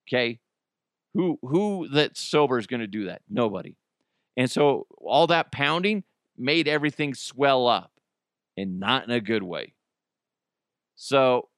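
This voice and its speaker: Man, podcast host, joking, animated, bright tone, lively pitch. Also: dry recording, clean studio sound. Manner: animated, joking, laughing often. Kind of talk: comedic solo podcast monologue.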